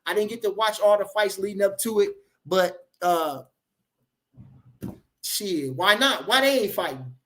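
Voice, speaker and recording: A man's voice: high voice, unhurried, long pauses, a bit bright. Rambling, profane man hyping a fight. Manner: rambling and repetitive, profane hype talk. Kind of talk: casual livestream chat reading comments.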